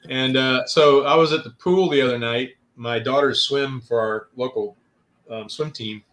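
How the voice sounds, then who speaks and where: In a casual interview, a man in his sixties tells long anecdotes, raising his voice when he acts out what other people said. His voice is medium in pitch, a bit bright, and moves at a moderate pace.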